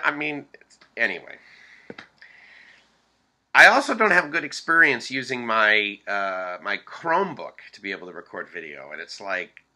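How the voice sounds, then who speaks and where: A man's voice: medium pitch, normal speed, low-quality recording. A man from the Boston area telling a rambling travel story to camera, full of fillers and self-corrections. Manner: animated quoted dialogue. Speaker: vlogger.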